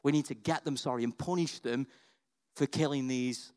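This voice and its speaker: A man preaching a sermon, telling a story in a chatty, animated way, dropping to hushed asides and rising to excited near-shouts, with frequent "right?" and "okay?". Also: mid-range voice, normal speed.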